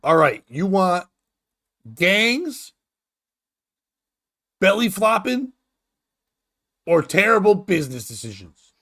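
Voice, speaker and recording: A man hosting a comedy podcast, reading news stories aloud and ranting about them in a profane, animated way, laughing at his own jokes. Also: high-pitched, slow, pauses often.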